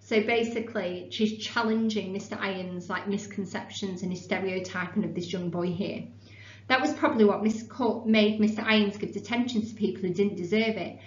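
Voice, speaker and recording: A woman's voice: medium pitch, moderate pace. Woman teacher reading a storybook to a class, roomy classroom, muffled lo-fi sound. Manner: steady storybook reading, with brief explanations. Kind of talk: reading a children's novel aloud to a class. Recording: roomy room, dull lo-fi sound.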